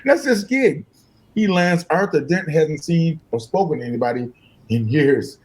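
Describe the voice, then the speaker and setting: An older man, a guest musician, telling animated, fast-paced stories in an interview and acting out the voices of the people in them. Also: a little high, poor audio. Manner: fast-talking, acts out voices in his stories, laughs often.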